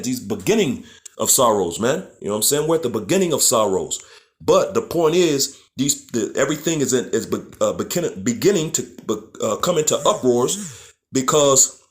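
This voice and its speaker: A man teaching scripture in a loose, casual way, often restarting his phrases and tagging them with "man" and "you know what I'm saying". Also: fairly high pitch. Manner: restarts and stumbles over words. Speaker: preacher. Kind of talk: street-style scripture teaching.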